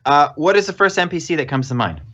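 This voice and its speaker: A man narrating as game master of a tabletop game on a live stream, relaxed and easily laughing. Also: a little high, fast talker, dull audio.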